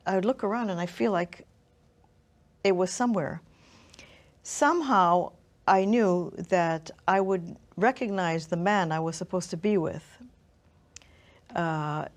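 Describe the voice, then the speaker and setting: A middle-aged woman with a somewhat low voice recounts her personal story as an interview guest. She speaks reflectively and haltingly, circling back to restart phrases and searching for words. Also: darkish tone. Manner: thoughtful, halting, with frequent restarts and fillers.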